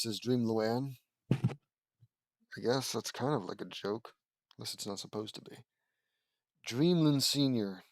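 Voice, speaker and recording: Guy reading fanfic out loud and rambling, correcting himself a lot, very dry sound. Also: medium pitch, moderate pace, no room sound. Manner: rambling, self-correcting, offhand asides. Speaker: audiobook reader and commentator. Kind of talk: casual read-aloud with commentary.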